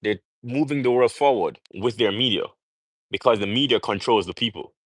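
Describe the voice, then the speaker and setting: A man's voice: medium pitch, normal speed, slightly rough, no echo, low-quality recording. Jamaican-born man preaching on a livestream. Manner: preachy, rhetorical questions, emphatic. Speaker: livestream host. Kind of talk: casual livestream monologue.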